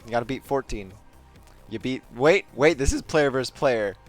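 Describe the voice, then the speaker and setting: A man's voice: medium pitch, animated, normal speed, faint music behind. A man running a tabletop game as game master, narrating in a casual way with fillers and swearing.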